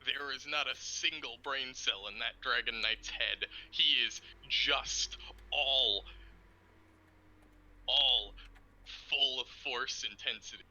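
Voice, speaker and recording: A man streaming a game, explaining plans in a rambling, profane, excitable way. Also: mid-range voice, slow, poor audio. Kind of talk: casual chat while gaming.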